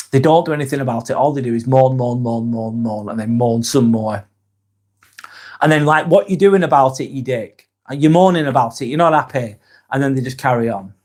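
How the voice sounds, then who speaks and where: A man's voice: medium pitch, a little mellow. A man hosting a live vlog, chatting casually and reading out viewer comments, frank and blunt with plenty of swearing.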